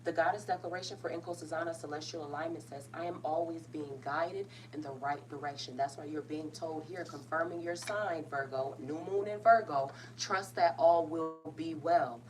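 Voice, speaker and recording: A woman's voice: low-pitched, moderate pace, few pauses. A woman giving a casual tarot reading, talking bluntly and emphatically, full of slang and swearing. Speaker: tarot reader. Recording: somewhat distant mic with faint noise.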